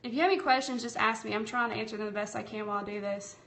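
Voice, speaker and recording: A woman's voice: mid-range voice, steady tone, very fast, gravelly, a bit bright. A woman from Tennessee with a Southern accent, hosting a casual live craft tutorial, chatting with viewers and calling them y'all while she works. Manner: chatty and friendly, calls viewers y'all, talks while working. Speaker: craft livestream host. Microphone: tablet streaming app.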